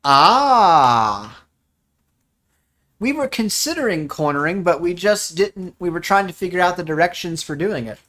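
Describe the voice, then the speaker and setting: A streamer chatting casually while playing an online game, talking slowly with lively ups and downs. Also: mid-range voice.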